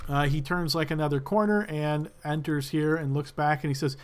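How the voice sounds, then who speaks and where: A man's voice: on the high side, fairly even intonation, normal speed, hardly any pauses, smooth. A man narrating a tabletop game as game master, describing loosely with many fillers.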